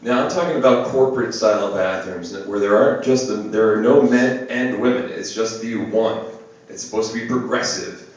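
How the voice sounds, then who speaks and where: Young man doing deadpan stand-up, far off. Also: fairly low pitch, moderate pace. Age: young adult. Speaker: stand-up comic. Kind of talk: stand-up set. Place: small comedy venue. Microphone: phone camera across the room. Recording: distant echoey phone video of a club set. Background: audience laughter.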